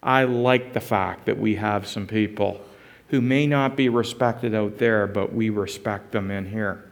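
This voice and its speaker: A pastor preaching a sermon, telling a personal story in an earnest way and building to emphatic exhortation. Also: male voice, medium pitch. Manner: animated, rising to emphatic exhortation.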